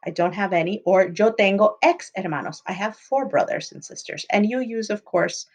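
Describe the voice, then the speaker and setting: A woman's voice: mid-range voice, normal speed, a little mellow, low-quality recording. Woman teaching a Spanish lesson. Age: adult, not young. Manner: explains patiently, switches between English and Spanish examples. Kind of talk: recorded classroom lesson.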